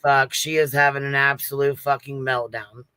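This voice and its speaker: A man's voice: medium pitch, little pitch movement, normal speed, bright, forceful tone, clear, resonant tone, no echo. A man hosting a livestream, talking bluntly in casual commentary and swearing constantly. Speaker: livestream host.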